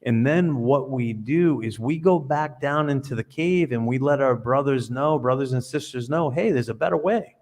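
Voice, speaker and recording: A man's voice: medium pitch, moderate pace, few pauses, darkish tone. An earnest man guests on a podcast over a video call. He talks like a preacher, spinning parables and stories with conviction. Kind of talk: conversational interview.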